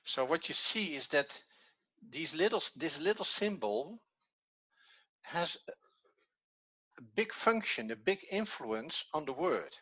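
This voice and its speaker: Guy with a bright, kinda high voice, explaining hebrew really slowly on a call. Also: very animated, slightly rough, dry recording, low-quality recording. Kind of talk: online language lesson.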